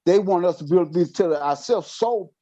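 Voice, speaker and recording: A man with a mellow, slightly raised voice speaks earnestly in a support group. He reflects on his own past. The call audio is dull and muffled. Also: high voice, a little fast. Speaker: group participant. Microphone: video call.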